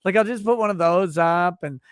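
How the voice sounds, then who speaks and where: A man's voice: sits high, brisk, smooth, dry recording, studio quality, close to an everyday voice. A man doing a breezy, rambling wife. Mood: coaxing. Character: breezy young wife pitching a silly idea.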